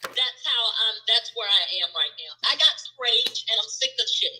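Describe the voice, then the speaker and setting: A woman's voice: fairly high pitch, expressive, moderate pace, pushed and bright, low-quality recording. A woman in a livestream study group, speaking candidly and emphatically about her own feelings. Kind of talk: livestream discussion.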